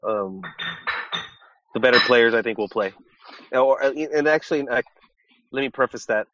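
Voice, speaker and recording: A man co-hosting a casual football podcast while getting over a cold, talking with a slightly nasal, congested voice and a relaxed, joking manner. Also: medium pitch, a little slow, dull audio, background noise. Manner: relaxed, joking, many restarts. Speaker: podcast co-host. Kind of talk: casual chat.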